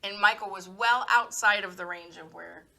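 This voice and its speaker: A woman co-hosts a casual podcast in a bright, clear voice. She chats in an easygoing way and is quick to chime in. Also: medium pitch. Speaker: podcast co-host. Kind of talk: casual chat.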